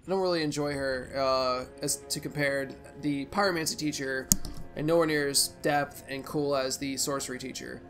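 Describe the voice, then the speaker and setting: A young man hosting a let's play, giving rambling, profane gameplay commentary with sudden loud outbursts. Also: mid-range voice, fairly even intonation, moderate pace, soft background music.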